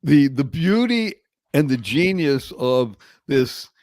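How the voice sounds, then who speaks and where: A man's voice: medium pitch, very animated, slow pace, darkish tone, no room sound, studio quality. A man co-hosting a podcast, chiming in with enthusiastic remarks. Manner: enthusiastic, exclamatory. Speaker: podcast co-host. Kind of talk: casual chat.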